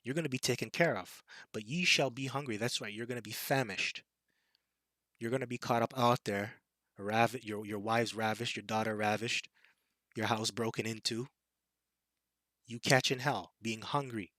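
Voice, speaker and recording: Fiery male street preacher, forceful bright tone, taunting delivery, dry close sound. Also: medium pitch, normal speed, no echo. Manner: fiery and taunting, with scornful impressions and laughs. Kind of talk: scripture sermon.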